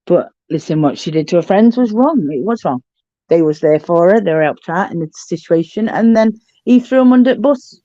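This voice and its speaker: A woman's voice: fairly low pitch, expressive, fairly quick, dark tone. A woman chats on a call in a loose, talkative way, often saying "listen" and calling people "my darling". Her voice comes through dull and lo-fi. The sound is dry, with no echo. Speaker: guest on a call. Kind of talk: casual chat. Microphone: phone call.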